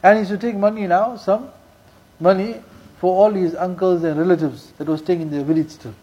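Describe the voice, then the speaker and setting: A man with a high, husky voice delivers a sermon, telling stories and repeating key lines for emphasis. He mixes Urdu and Arabic religious terms into his English. His tone is dark and mellow. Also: fairly even intonation, dull audio. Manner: recites Quranic verses rapidly in Arabic. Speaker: Islamic preacher.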